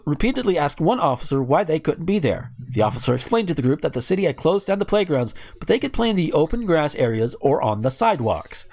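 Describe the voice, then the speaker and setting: A man's voice: on the high side, darkish tone. A man hosting a podcast, reading news stories aloud and breaking off into profane, sarcastic rants. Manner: ranting, profane, sarcastic asides. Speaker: podcast host.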